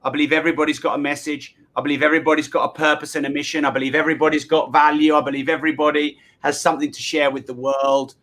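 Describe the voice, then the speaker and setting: A man's voice: on the high side, level tone, racing, hardly any pauses, fairly bright tone, a little hiss or hum. A man from the UK, a podcast guest, talking about business and self-belief with earnest, repetitive emphasis. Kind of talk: motivational business chat.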